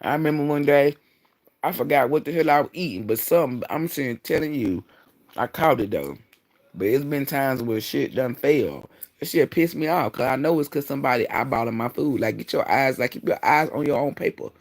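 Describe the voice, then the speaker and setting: A man's voice: medium pitch, a little fast. A man talking casually on his own livestream, blunt and rambling, swearing freely as he goes. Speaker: livestream host.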